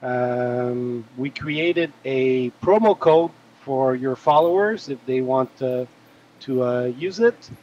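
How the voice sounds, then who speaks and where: A man's voice: medium pitch, slow pace. Male host with lo-fi sound. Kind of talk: casual live stream chat.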